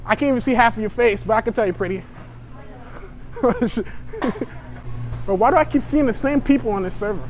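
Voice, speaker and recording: A man's voice: very high-pitched, a little fast, pauses often. A young man chatting brashly to strangers in a store, joking and provoking as a prank vlogger. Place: inside a store.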